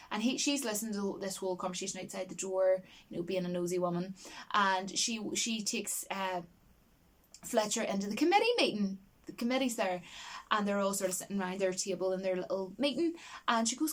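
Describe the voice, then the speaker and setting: A woman's voice: medium pitch, moderate pace. A woman in a casual film review chat, talking in a rambling, enthusiastic way with many restarts and fillers. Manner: enthusiastic and expressive, laughs easily.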